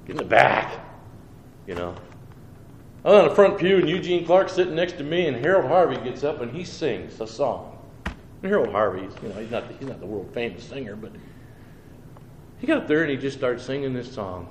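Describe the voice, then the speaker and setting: A man with a medium-pitched, slightly mellow voice speaks briskly, his pitch swinging widely. As a preacher, he tells his personal testimony in an earnest, homespun manner, dramatizing his own thoughts and responses. There's faint background noise in the roomy recording.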